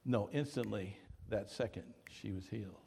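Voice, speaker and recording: A man's voice: lowish voice, moderate pace, creaky, darkish tone, in a large hall, a little hiss or hum. A male pastor preaching conversationally, asking the congregation questions and retelling stories in dialogue. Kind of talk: sermon.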